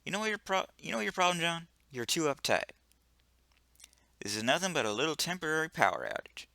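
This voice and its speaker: A man's voice: fairly high pitch, sing-song, a little fast, vocal fry, bright, forceful tone, no room sound, pitched above the performer's own voice, exaggerated voice. A man voicing a laid-back, dismissive male ship engineer in a video game who brushes off every worry. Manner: breezy, brushes off worries.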